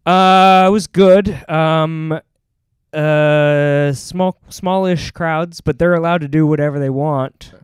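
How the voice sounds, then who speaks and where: A man's voice: a little high, steady tone, slow pace, clear, resonant tone, no room sound, clean studio sound. A man, a stand-up comedian, chatting casually on a podcast, rambling and self-mocking as he tells stories from his shows. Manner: rambling, self-mocking, acts out bits in voices.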